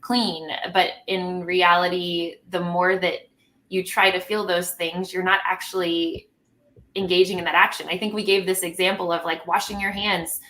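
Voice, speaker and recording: A woman's voice: lowish voice, flat delivery, moderate pace, fairly bright tone, poor audio. A woman joining a casual panel chat, speaking in a reflective, thoughtful way. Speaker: parent education group participant.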